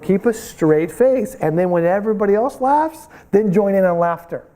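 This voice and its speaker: Animated man telling teaching stories. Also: high-pitched, moderate pace. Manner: animated storytelling, acts out voices in quotes. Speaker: missions teacher. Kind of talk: classroom lecture with stories. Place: classroom.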